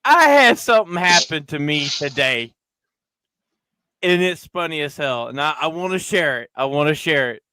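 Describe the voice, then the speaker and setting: A podcast host tells a rowdy, profane story about his day. His voice sits high and bright, smooth and clear. It is recorded close on a dry mic. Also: moderate pace, no room sound. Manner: loud, crude, animated storyteller, acting out quoted voices. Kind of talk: casual storytelling chat.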